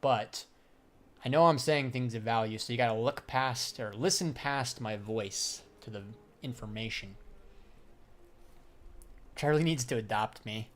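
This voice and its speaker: A man's voice: medium pitch, measured pace, pauses often. A young adult man chatting casually on a livestream about trading and answering viewers. His talk is loose, slangy and profane, and he laughs often. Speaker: livestreamer and crypto trader.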